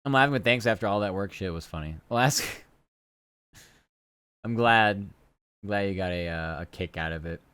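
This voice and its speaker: A man's voice: on the low side, a little slow, pauses often, bright, forceful tone, clear, resonant tone, dry recording. A man streaming, chatting casually and rambling loosely, with the odd swear word. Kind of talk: casual live-stream chat.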